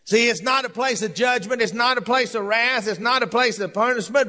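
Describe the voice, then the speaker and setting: Older pastor, fervent shouting sermon; very high, bright voice. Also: male voice, fairly quick, few pauses. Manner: fervent preaching, rising to shouts. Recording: long hall reverb.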